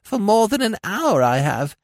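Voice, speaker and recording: A man's voice: high-pitched, sing-song, measured pace, no room sound, clean studio sound, pitched above the performer's own voice, heavily acted. A man voicing a scheming old woman beggar who pleads in a whining, sing-song voice, in a storybook reading.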